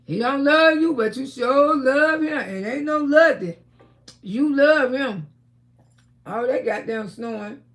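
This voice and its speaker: A woman hosting a casual livestream, talking loudly with frequent laughter and cursing while telling stories to her viewers. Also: high voice, lively intonation, slow pace. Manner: loud, laughing, storytelling with lots of cursing. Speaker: livestream host.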